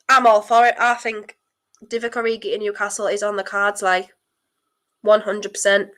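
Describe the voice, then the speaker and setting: A young woman with a blocked nose, chatting nervously and excitedly through a live football watchalong and breaking into sudden exclamations. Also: on the high side, a little fast. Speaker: streamer hosting a football watchalong.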